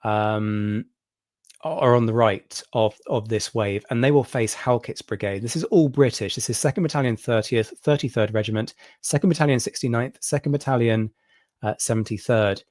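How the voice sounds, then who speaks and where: A man's voice: medium pitch, normal speed, a little mellow, no room sound, studio quality. A man hosting a history livestream, explaining a battle in detail with frequent ums and restarts. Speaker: history channel host.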